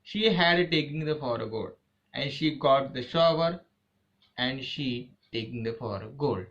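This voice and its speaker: A man telling a short story in halting, non-native English, quizzing the listener with rhetorical questions. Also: medium pitch, a bit bright. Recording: dull lo-fi recording.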